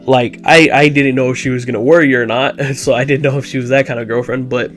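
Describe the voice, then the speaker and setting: A man's voice: mid-range voice, fairly even intonation, fast talker, fairly bright tone, faint music behind. A young man telling a personal story in a casual, rambling way, full of "like" fillers. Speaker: vlogger.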